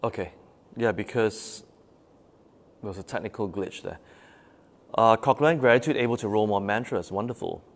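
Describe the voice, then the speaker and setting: A male meditation teacher with a voice that sits a little low speaks to his group in a meditation room. He leans on repetition to drive each point home, and now and then he reads a viewer's comment aloud and answers it. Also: normal speed, pauses often. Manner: emphatic, repeats key words for stress. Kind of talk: live-streamed teaching talk after meditation. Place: meditation room at a forest retreat.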